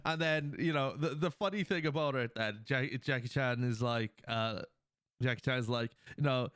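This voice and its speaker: A man's voice: mid-range voice, normal speed, fairly bright tone, clear, resonant tone, no echo, studio quality. A man hosting a podcast, recapping a film's plot in a loose, rambling way with lots of fillers. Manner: acts out quoted lines. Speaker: podcast host. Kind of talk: casual film plot recap.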